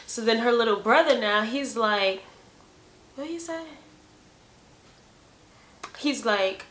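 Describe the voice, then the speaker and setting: A woman in her twenties telling a personal story in a casual storytime vlog, acting out texts and replies with lively emphasis. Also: a little high, a little slow, pauses often, reverberant, slight background noise. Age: 20s. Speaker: vlogger. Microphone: camera mic.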